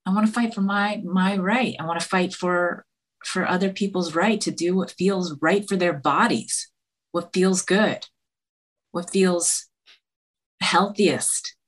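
Female guest, deep-pitched, earnest and faltering delivery. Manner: halting, searching, with many restarts and fillers. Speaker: podcast guest. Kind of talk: earnest conversation.

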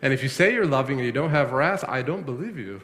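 A pastor preaching a sermon, asking his congregation questions and rising sharply in pitch to stress a point. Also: animated, fast talker, fairly bright tone. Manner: asks the congregation questions, rises sharply on emphasis. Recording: long reverb of a hall.

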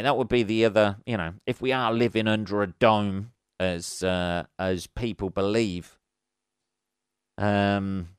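Male podcast host, casual solo monologue, sarcastic and sweary; low-leaning, clean voice, dry close recording. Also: clean tone, dry recording. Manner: laughs at his own jokes.

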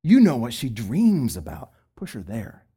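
A middle-aged man and former youth pastor, talking about Christian marriage. His pitch leaps up and down with lively swings. He moves between loud, pressing emphasis and quiet asides. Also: a little slow, slightly rough. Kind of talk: Christian marriage advice talk.

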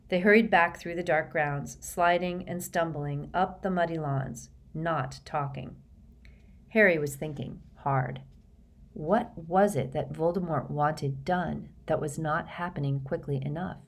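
Low-voiced woman narrator, steady measured audiobook reading. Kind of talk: scripted narration.

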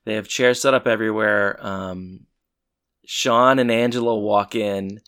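A man's voice: fairly low pitch, steady tone, measured pace, fairly bright tone, smooth. Laid-back man recapping an episode. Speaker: podcast co-host. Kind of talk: casual recap chat.

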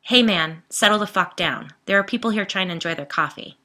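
A woman's voice: lowish voice, lively intonation, a little fast, bright, forceful tone. A woman voicing a bold, cheerful woman in her early thirties who talks bluntly and with authority. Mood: commanding.

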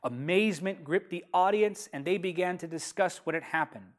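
A preacher delivering a sermon with emphatic, repeated phrases, slowing down sharply to stress key lines. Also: medium pitch.

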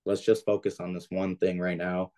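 In a podcast interview, a young male diving coach speaks in a low, warm voice with little pitch movement and a moderate pace. His talk is relaxed and plain, peppered with "like" and "kinda."

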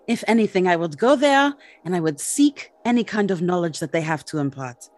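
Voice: medium pitch, fairly quick, pitched above the performer's own voice, close to an everyday voice. A player doing a sugary, scheming young alien woman. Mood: flattering. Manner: sweet, flattering, performatively cute.

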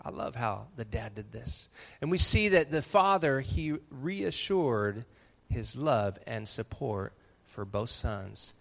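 A man preaching a sermon as pastor, telling a story with animated swings from soft to loud. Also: medium pitch, takes it slowly, creaky.

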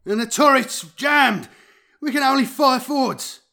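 A man voicing a wounded tank crewman who yells his report over battle noise. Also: very high-pitched, measured pace, pitched above the performer's own voice, full character voice. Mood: panicked shouting. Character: wounded male tank crewman, shouting in panic.

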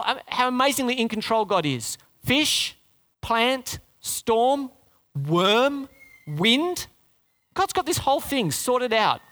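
A male pastor delivering a sermon in a high, bright voice. He is animated, pushing his pitch up on key points and dropping to a hushed, low tone when he prays. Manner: animated, rises high for emphasis and drops low for prayer.

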